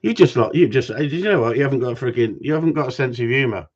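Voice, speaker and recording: A man chatting live to his viewers, joking and ribbing them with the odd swear word. His pitch swings up and down a lot as he talks. The sound is dull and lo-fi. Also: animated, fast. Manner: joking, teasing banter with mild swearing. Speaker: gundog trainer hosting a live stream. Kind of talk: casual live-stream chat reading viewer comments.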